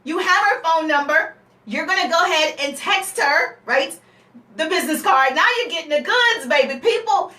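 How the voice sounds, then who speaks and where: A woman seminar coach with a high, bright, ringing voice teaches networking scripts to a live audience. She talks with energy, acting out both sides of a conversation and throwing in teasing asides. The sound is roomy and echoey, caught from some distance off the mic. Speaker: business coach.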